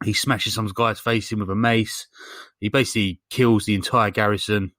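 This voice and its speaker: A man's voice: on the low side, fairly even intonation, moderate pace, fairly bright tone, no echo, studio quality. A man co-hosting a podcast, casually retelling a film's plot with lots of ums, asides and swearing. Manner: rambling storyteller with lots of fillers and swearing. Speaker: podcast co-host. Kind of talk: casual comedic film recap.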